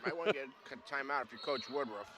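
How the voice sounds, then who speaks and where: A man's voice: medium pitch, quick pace, noisy background. A man who coached before, giving color commentary on a basketball game in an emphatic, teaching way and repeating his key points.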